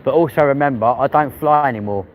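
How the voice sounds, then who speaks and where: A man's voice: medium pitch, fast, phone-quality sound. A man chatting casually on a live stream, cheeky and talkative, walking outdoors through a city at night on a handheld phone. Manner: chatty, cheeky, banters with passers-by. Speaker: vlogger. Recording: city street noise.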